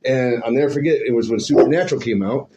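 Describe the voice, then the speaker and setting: Middle-aged guy telling stories in an interview, animated, laughs a lot, kinda muffled recording. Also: medium pitch, fast talker. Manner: animated, laughs often, acts out quoted voices. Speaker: musician guest. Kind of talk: storytelling in a casual interview. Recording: slightly dull, faint hum.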